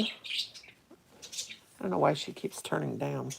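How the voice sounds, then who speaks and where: A woman's voice: low-pitched, moderate pace, gravelly, pauses often, background noise. A woman hosting a casual home vlog, chatting in a rambling, easily amused way while sitting by a window. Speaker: vlog host. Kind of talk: casual chat to viewers.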